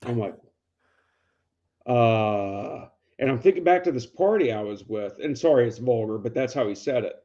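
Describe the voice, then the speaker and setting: A man's voice: medium pitch, expressive, fast talker, hardly any pauses, mellow, lo-fi sound. A man co-hosting a podcast who tells casual, profane stories and acts out the dialogue. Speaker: podcast co-host. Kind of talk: casual storytelling chat.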